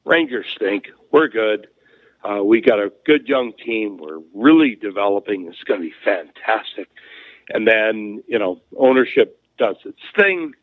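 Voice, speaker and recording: A man's voice: on the low side, animated, a little slow, no room sound. A man, a former hockey player, telling stories as an interview guest in a rambling way, full of fillers and restarts. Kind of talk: casual storytelling. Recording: phone-like narrow sound.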